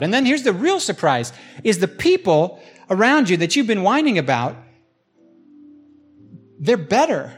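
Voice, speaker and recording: Pastor, male, a little high-pitched, a chatty sermon delivery that acts out scenes. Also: sing-song, moderate pace, slightly rough, faint music behind. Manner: conversational, acts out imagined voices.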